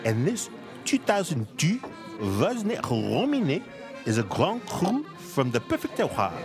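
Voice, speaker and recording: A man voicing a pompous male sommelier with a put-on French accent, speaking in a drawn-out, condescending way. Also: fairly high pitch, huge pitch swings, music in the background, pitched above the performer's own voice, full character voice. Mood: haughty.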